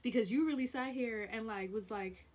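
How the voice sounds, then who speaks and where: A woman telling a story on her vlog in a blunt, profane, animated way, with loud stresses and hushed asides. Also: a little high, moderate pace. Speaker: vlogger.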